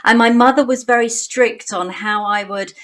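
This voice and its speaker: A woman's voice: fairly high pitch, steady tone, normal speed, a bit bright. A middle-aged woman from Britain whose English accent carries a slight Australian twang. She chats easily as an interview guest over a video call and laughs often. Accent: British English with a slight Australian twang. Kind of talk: casual interview chat.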